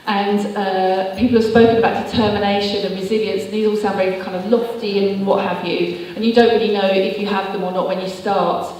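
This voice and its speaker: A woman's voice: medium pitch, level tone, a little fast, few pauses, a little mellow, slight background noise. A woman giving a chatty, earnest motivational talk with slides, full of fillers and restarts. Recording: echoey hall, voice heard from far off.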